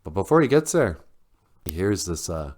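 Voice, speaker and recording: A male podcast host retelling a children's story and reviewing a book in a relaxed, casual way, with many fillers and chuckles. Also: deep voice, normal speed.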